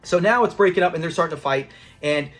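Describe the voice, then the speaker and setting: Guy with a pretty high voice doing a chatty episode recap, acts out the lines, faint music behind. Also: quick pace. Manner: animated, acts out quoted lines and laughs while retelling. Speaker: host of a classic sitcom review channel.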